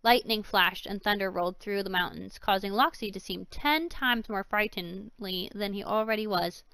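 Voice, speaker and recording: Brief: woman audiobook narrator, mid-range voice, steady story read, dry close mic. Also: medium pitch, moderate pace, clear, resonant tone, no room sound.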